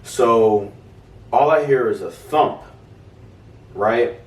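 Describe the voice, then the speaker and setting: A young adult man co-hosting a podcast tells a story in casual conversation, swearing freely and acting out the voices of the people involved. His mid-range voice is very slow, and the recording sounds roomy with a distant mic.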